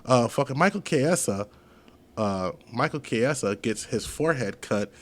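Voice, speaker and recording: A man chatting as a podcast guest, telling stories in an animated, profane way. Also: medium pitch, measured pace. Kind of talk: casual podcast chat.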